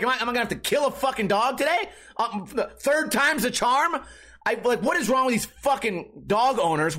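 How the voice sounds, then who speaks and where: High-voiced ranting young man. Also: a bit bright. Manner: ranting, profane, exasperated storytelling. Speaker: podcast host. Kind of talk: casual podcast monologue.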